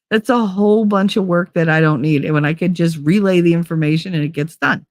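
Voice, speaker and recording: A woman's voice: on the low side, fast, hardly any pauses, dry recording, studio quality. A middle-aged woman talking candidly in a rambling podcast monologue, acting out quotes and laughing often. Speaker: podcast host. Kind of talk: casual monologue.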